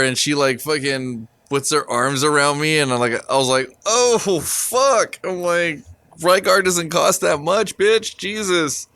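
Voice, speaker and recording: A man's voice: medium pitch, sharp tone, clean tone, no echo. A man co-hosting a podcast, chatting casually in a laid-back way and laughing often as he talks. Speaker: podcast co-host. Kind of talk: casual chat.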